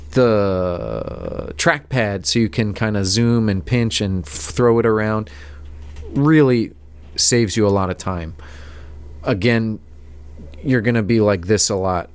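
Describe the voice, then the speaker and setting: Low, smooth-voiced man rambling casually. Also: no echo. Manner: rambling, self-deprecating, many fillers. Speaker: tech vlogger. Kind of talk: casual rambling talk to camera.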